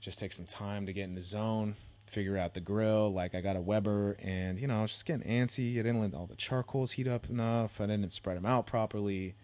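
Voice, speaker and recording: Casual young male podcast host from the Bay Area, slightly low voice, rambling, profane and self-mocking. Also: steady tone, a little fast, darkish tone. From San Francisco Bay Area. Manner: rambling, heavy swearing, self-deprecating, laid-back slang.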